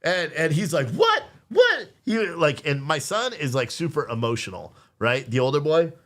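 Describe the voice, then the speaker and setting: A man's voice: fairly high pitch, animated, moderate pace, fairly bright tone. Rambling, profane podcast host man. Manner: rambling, profane, restarts and acts out family dialogue. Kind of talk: casual storytelling on a live stream.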